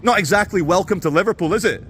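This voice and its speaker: A man's voice: high-pitched, fast, fairly bright tone, a little hiss or hum. A man vlogging while he walks outdoors by a waterfront, talking in a sardonic, rambling way into a handheld camera. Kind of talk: walking vlog commentary.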